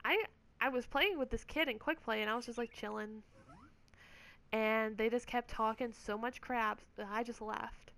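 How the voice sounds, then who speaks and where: A woman's voice: on the high side, normal speed, fairly bright tone. Woman ranting, rambling and swearing. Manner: rambling, swears often, says "like" constantly. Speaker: gamer vlogger. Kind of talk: casual rant. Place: at home.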